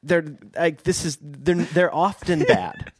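A man's voice: a little high, slow, husky, no room sound. A man co-hosting a casual podcast, rambling and laughing often as he banters about a book chapter. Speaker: podcast co-host.

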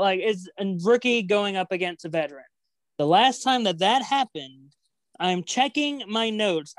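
A woman's voice: medium pitch, no echo. Chatty woman co-host, dry close sound. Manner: chatty, rambling, playfully competitive. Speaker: podcast co-host making match predictions. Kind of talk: casual chat.

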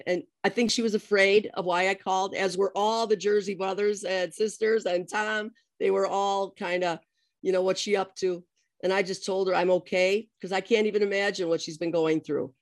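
A middle-aged woman telling her own story in conversation, lively and animated, acting out the quotes. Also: mid-range voice, normal speed, no room sound.

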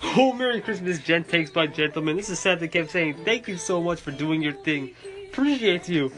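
A cheerful man in a Santa persona runs a holiday shout-out segment, his pitch bouncing up and down. Faint music hums behind him. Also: expressive, moderate pace. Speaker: podcast host in a Santa persona.

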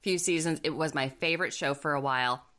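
A woman hosting a podcast, chatting casually and gossiping about reality TV with quick asides. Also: deep voice, a bit bright, a little hiss or hum. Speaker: podcast host. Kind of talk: casual chat.

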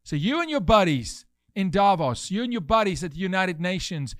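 A man's voice: high voice, sing-song, moderate pace, fairly bright tone, dry recording, studio quality. A man hosting a podcast, delivering impassioned commentary in a fervent, preachy way full of rhetorical questions. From South Africa. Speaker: podcast host. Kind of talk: impassioned commentary with scripture reading.

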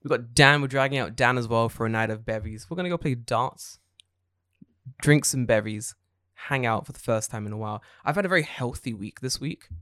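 A young man hosts a podcast in a dry, close-miked room, his voice sitting at a mid pitch. He tells stories in animated, profanity-laced casual chat. He throws himself into quoting other people. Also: a little fast, no room sound. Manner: animated, swearing storyteller who acts out quotes. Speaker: podcast host.

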